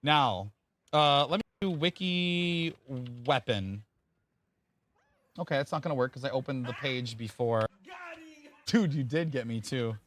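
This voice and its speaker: Bright-voiced rambling game streamer man. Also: mid-range voice, animated, unhurried, long pauses. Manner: rambling, chatty, thanks viewers by name; casual swearing. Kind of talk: casual live-stream chat.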